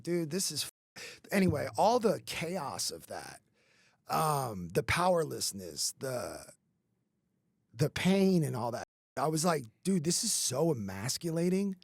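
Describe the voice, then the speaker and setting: A man's voice: a little high, vocal fry, dry recording, clean studio sound. A man in his thirties telling his life story on a podcast, casual and rambling, with many fillers and swearing. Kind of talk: candid conversational storytelling.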